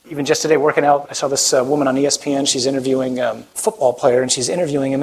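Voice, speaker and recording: A man's voice: on the high side, slightly rough, low-quality recording. A man, a Catholic priest, giving a conversational sermon, joking with the audience and putting questions to them.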